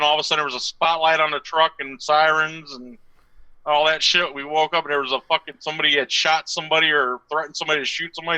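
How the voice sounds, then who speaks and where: Bright, crisp-voiced ranting man. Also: fairly high pitch, rough recording. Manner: profane, ranting storyteller. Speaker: co-host. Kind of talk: casual live-stream banter.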